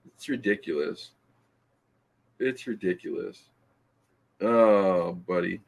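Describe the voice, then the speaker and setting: A man's voice: deep voice, slow, vocal fry. A man hosting a casual live stream, reading comments aloud, teasing and laughing often with stumbling restarts. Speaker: podcast host reading live chat.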